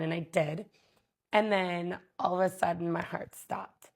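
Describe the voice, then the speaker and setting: A woman vlogger telling a personal story in a candid, halting way, with many pauses and fillers. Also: on the low side, fairly even intonation, creaky, husky.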